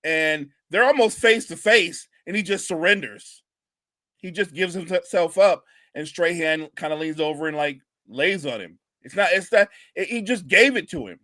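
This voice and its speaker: An opinionated male sports podcast co-host who tells it emphatically, voice pitched a bit high and bright. The sound is close and dry. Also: expressive, moderate pace, dry recording. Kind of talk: casual sports talk.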